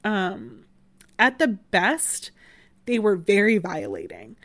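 A woman's voice: mid-range voice, wildly swooping pitch, takes it slowly. Woman around 30, history podcast host, casual, filler-heavy delivery, wry asides. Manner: chatty, many fillers like "like" and "um". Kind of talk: casual explanatory history talk.

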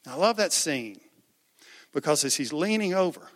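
Guy preaching in a church, chatty, keeps asking the crowd stuff, bright tense voice. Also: a little high, animated, normal speed. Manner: conversational, asks the congregation questions, repeats words. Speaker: pastor. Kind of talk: sermon. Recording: echoey hall.

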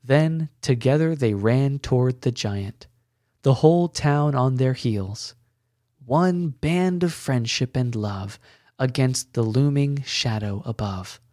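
A man hosting a podcast, narrating a story in a gentle, measured way. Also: mid-range voice, no room sound, studio quality. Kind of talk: scripted narration.

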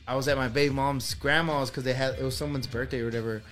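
A man's voice: mid-range voice, fairly even intonation, quick pace, fairly bright tone, faint music behind. A young man telling a personal ghost story on a podcast, rambling with lots of fillers and swearing. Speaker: podcast co-host. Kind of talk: casual storytelling.

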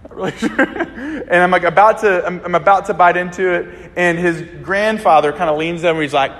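A preacher from a small town in Alabama, giving a conversational, animated sermon in a church. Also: male voice, high voice, moderate pace. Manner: conversational and animated, acting out voices in Bible stories and anecdotes. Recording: long reverb of a large hall.

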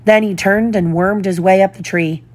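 A woman reading a children's storybook aloud in a slow, deliberate storytelling manner. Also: medium pitch, fairly even intonation. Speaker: storybook reader.

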